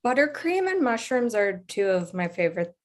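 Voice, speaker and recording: Woman podcast guest, easygoing self-deprecating chat, mid pitch. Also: big pitch swings, moderate pace. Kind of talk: casual chat.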